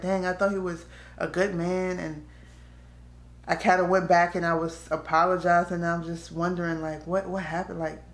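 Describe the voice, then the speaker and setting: A woman shares her story in a frank, conversational way, her voice sitting on the low side. The sound bounces around the room with a noticeable echo. She talks casually to her audience like a friend. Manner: candid, conversational, slips into quoted voices. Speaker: vlogger. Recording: echoey room.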